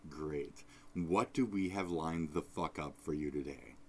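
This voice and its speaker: Deep-voiced male streamer, crude and rambling, swings from shouts to mutters. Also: measured pace, a little hiss or hum. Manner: profane, rambling, swings between loud outbursts and mumbles. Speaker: streamer host. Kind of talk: casual live-stream rant.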